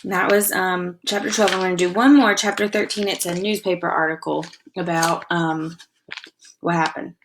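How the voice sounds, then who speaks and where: A woman teacher reading a novel aloud to her class with expressive storytelling, pausing to ask comprehension questions. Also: on the low side, a little hiss or hum. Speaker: elementary school teacher.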